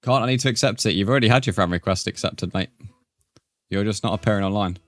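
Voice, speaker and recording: A man's voice: fairly low pitch, fast talker, dry recording. A man streaming a game, chatting casually with viewers and calling them "mate". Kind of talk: casual live-stream chat.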